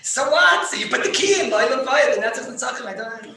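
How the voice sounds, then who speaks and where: A man, a rabbi, teaching a halachic class over a video call, excitable and repetitive, laughing as he explains and sprinkling in Hebrew and Yiddish terms. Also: extremely high pitch, fast. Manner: excitable, repeats phrases, laughs while explaining. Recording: echoey, distant, faintly noisy video call.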